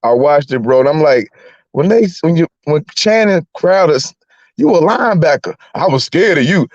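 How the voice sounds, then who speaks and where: Animated guy chatting, jumps way up when riled, dull dry lo-fi sound. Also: normal speed, no room sound. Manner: animated, laughing, rises high when riled. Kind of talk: casual chat.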